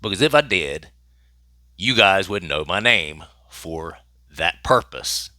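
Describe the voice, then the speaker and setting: A man's voice: deep voice, animated, slow, pushed and bright, no echo, clean studio sound. A man hosting his own channel, commenting on celebrity news in a casual, emphatic way and repeating phrases for effect.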